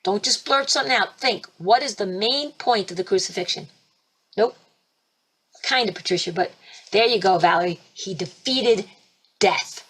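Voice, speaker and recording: A woman with a husky, slightly breathy voice preaches fervently to her webinar audience. Her pitch sits mid-range, but she keeps leaping up and getting louder to make a point, then drops back to a plain conversational tone. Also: normal speed, long pauses. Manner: emphatic and fervent, with sudden jumps in pitch and loudness. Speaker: spiritual teacher hosting a webinar. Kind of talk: impassioned preaching webinar talk. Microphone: computer mic for a webinar.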